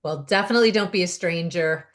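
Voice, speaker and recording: A middle-aged woman hosts an interview in a low voice. She sounds upbeat and encouraging and explains things at length. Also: quick pace. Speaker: host.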